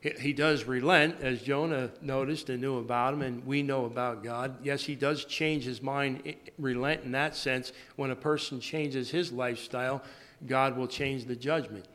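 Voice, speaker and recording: A man giving a sermon in a halting way, often repeating and restarting his words. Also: mid-range voice, steady tone, fairly bright tone. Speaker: preacher. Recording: long hall reverb.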